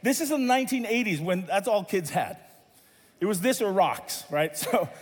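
A man from Southern California, a pastor telling a story in a sermon in an animated, playful way, laughing along with his own tale. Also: sits high, normal speed, long reverb tail.

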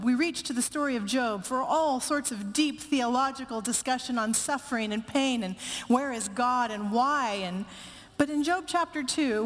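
A woman pastor with a high voice preaches in a church sanctuary, and her words ring out with a long reverb. She tells stories and acts out the voices in them, then sinks to a quiet, unhurried hush to drive a point home. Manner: storytelling, acts out quoted family voices, slows to soft hushed emphasis. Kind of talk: sermon. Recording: echoey hall with long reverb.

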